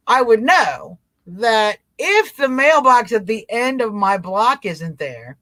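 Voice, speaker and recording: A man hosting a live talk stream, his voice high and bright with a tense edge. He mocks and acts out little scenes as he rambles. The sound is close and dry. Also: no room sound, rough recording. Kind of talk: casual political talk stream.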